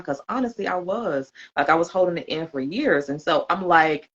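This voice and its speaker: A woman's voice: fairly low pitch, animated, normal speed, hardly any pauses, breathy edge, highs cut off. A woman hosting a podcast, responding to her guest in an affirming, emotional way. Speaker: podcast host. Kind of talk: conversational interview.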